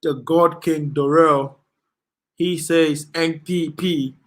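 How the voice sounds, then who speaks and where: A man with a Ghanaian accent hosting a casual live stream, reading viewer comments aloud and laughing often. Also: on the high side. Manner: slow, relaxed, laughs often, slips into Ghanaian Pidgin.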